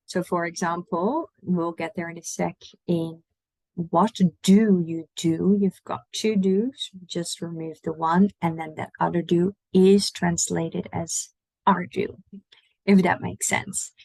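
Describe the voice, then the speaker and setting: A Dutch-speaking woman teaching an online language lesson in English, saying Dutch words slowly and repeating them for learners. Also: fairly low pitch, steady tone, creaky, a little mellow, dry recording, rough recording.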